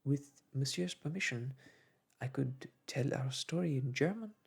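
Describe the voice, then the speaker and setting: A man voicing a calm, deferential young Belgian servant in a soft whispered role-play. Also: mid-range voice, measured pace, gravelly, husky, exaggerated voice.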